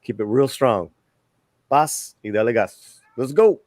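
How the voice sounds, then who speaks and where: A man's voice: mid-range voice, measured pace, darkish tone, no room sound. A man hosting an online talk show, chatting loosely and reading a roll call of members. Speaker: show host. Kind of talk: casual chat and sign-off.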